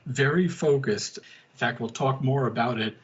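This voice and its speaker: Man, podcast co-host, husky, casual chat, animated retelling, dull lo-fi audio. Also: medium pitch. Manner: animated storyteller, quick asides in character voices.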